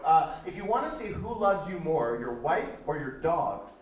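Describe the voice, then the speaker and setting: Heard from a distance in an echoey comedy club with a crowd, a man with a slightly high, very animated voice talks at normal speed. His stand-up set is chatty and self-deprecating.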